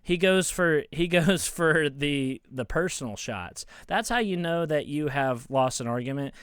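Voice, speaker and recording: A man's voice: a little high, animated, a little slow, a bit bright, smooth, dry recording, clean studio sound. A man ranting as a college football fan YouTuber, heated and mocking, often stammering and restarting, recorded on his phone. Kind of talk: casual ranting vlog.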